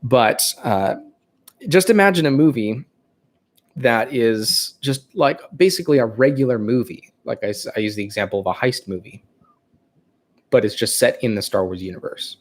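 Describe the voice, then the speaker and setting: A man's voice: mid-range voice, moderate pace. A man with a Californian accent hosting a casual livestream, thinking aloud and rambling with fillers. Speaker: livestream host.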